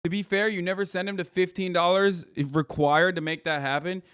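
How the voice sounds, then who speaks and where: A man's voice: high-pitched, steady tone, fairly quick, fairly bright tone, smooth, no room sound, clean studio sound. A man in his thirties streaming a heated, profane and sarcastic rant, reacting to the news as he talks. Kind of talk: ranting casual commentary.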